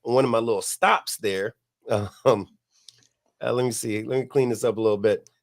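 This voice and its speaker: A middle-aged man, hosting a podcast and telling a long, profane story in a relaxed way, laughing as he goes. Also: fairly low pitch, normal speed. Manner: laid-back, profane, laughs at his own story. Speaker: podcast host. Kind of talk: casual storytelling.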